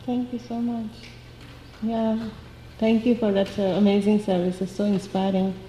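A woman giving a devotional class in an earnest, humble and gentle way, then moderating. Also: medium pitch, level tone, normal speed, a little hiss or hum. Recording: echoey room with hall reverb.

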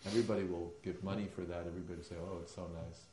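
A man's voice: low-pitched, steady tone, very fast, warm tone, a little hiss or hum. A man giving a devotional lecture, telling stories emphatically with some hesitant fillers. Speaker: spiritual teacher. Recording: roomy echoing hall.

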